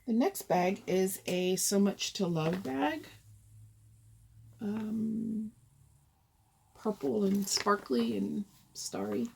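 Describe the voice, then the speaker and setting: Showing off her cross-stitch projects, a woman chats casually and rambles, thinking aloud as she goes. Her medium-pitched voice is creaky and darkish, extremely slow, with long pauses. A little hiss or hum sits in the recording.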